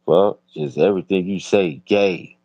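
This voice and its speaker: Male stream host, Chicago accent, deep mellow voice, profane storyteller, dry lo-fi audio. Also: measured pace, no room sound. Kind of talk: casual livestream chat.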